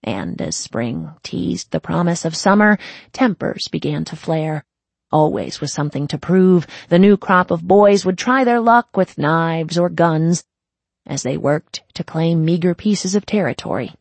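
An audiobook narrator reads a period crime story with a lively, swinging delivery. The voice is gravelly and a little husky, recorded close and dry. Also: mid-range voice, measured pace, no echo. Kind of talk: scripted narration.

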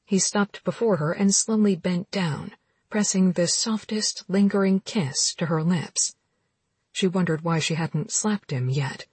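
Woman audiobook narrator, husky low voice, dry close mic. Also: unhurried, darkish tone, no echo. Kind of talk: scripted romance narration.

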